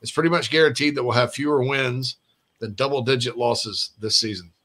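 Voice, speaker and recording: A man hosts a sports podcast, chatting casually in an animated, rambling way and frequently restarting his sentences. His voice is medium-pitched and fairly quick.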